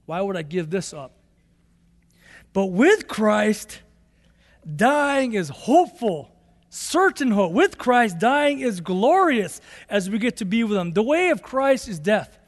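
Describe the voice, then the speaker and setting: A man preaching a sermon as pastor, emphatic and repetitive, rising to excited bursts. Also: sits high, takes it slowly, long reverb tail.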